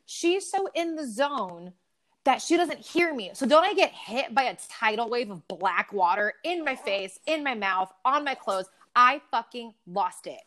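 A woman co-hosting a casual podcast, telling stories in an animated, swearing rant. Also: on the high side, a little slow. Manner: animated storytelling with frequent swearing. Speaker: podcast co-host. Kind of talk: casual ranting chat.

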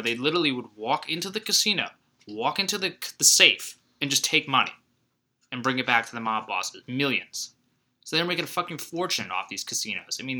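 A man co-hosting a podcast, chatting casually and animatedly about a film and acting out its lines. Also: mid-range voice. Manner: animated, acts out movie lines in put-on voices. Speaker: podcast co-host. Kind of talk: casual chat.

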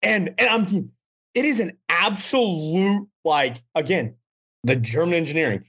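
A young man co-hosting a podcast, telling profane, animated stories in casual chat. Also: a little high, normal speed, breathy edge. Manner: profane, animated storytelling with acted quotes. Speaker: podcast co-host.

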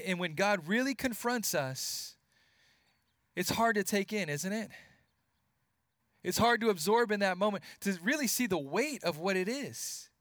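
Male preacher, high voice, earnest, repeats words, sinks low for stress; dry close sound. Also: fairly bright tone, dry recording. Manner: earnest, repeats words while building points, drops voice for emphasis. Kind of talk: sermon.

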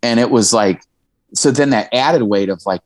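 A man's voice: medium pitch, moderate pace, no echo. Candid man, dry close mic. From Indiana, USA. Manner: frank, profane and emotional, with laughing asides. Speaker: musician guest. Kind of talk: candid conversational storytelling.

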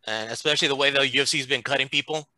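Fast, bright-voiced man, dry close sound. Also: mid-range voice, no room sound. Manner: confident, quick, says "you know" a lot. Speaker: podcast co-host, called Coach. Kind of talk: casual MMA picks chat.

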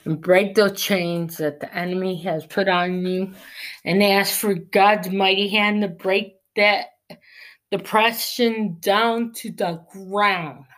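A woman's voice: medium pitch, fairly even intonation, fairly bright tone. A woman giving an earnest personal faith testimony, preaching encouragement. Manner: earnest, preachy, slow and deliberate.

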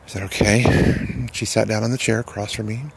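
A man telling a personal testimony in a halting, earnest way, repeating words as he goes. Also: lowish voice, little pitch movement, vocal fry, a little hiss or hum. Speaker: person sharing a recovery story.

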